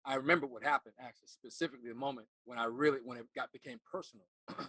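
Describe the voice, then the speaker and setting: A middle-aged man, an actor turned life coach, telling a personal story in an earnest, halting way and often repeating words as he remembers. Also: mid-range voice, fairly even intonation, pushed and bright, no echo.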